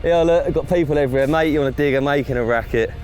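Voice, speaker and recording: A young Englishman, an excitable carp angler, chatting outdoors by a large lake, swearing and chuckling. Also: fairly high pitch, racing, soft background music. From England. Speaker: carp angler and channel presenter. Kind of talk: casual excited chat.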